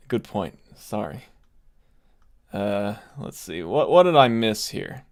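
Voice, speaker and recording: Unhurried guy reading out his chat and teasing viewers, voice bounces up and down a lot. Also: on the low side, very animated, clean tone. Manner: reads viewer messages aloud and teases the chat. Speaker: YouTube creator. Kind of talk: casual livestream chat.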